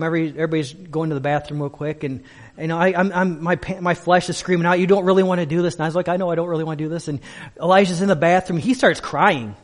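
Pastor, male, high voice, storytelling sermon, restarts often. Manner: storytelling with animated quoted voices, repeats and restarts.

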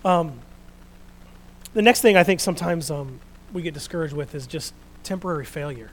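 A middle-aged man preaching a sermon, earnest and animated, dropping to a hush for quoted words. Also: fairly high pitch, normal speed, rough recording.

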